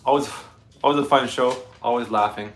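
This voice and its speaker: A man's voice: medium pitch, steady tone, fairly quick, fairly bright tone. A Canadian man hosting a casual live stream, rambling chattily to his viewers and his dog, a little stuffy. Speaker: livestream host.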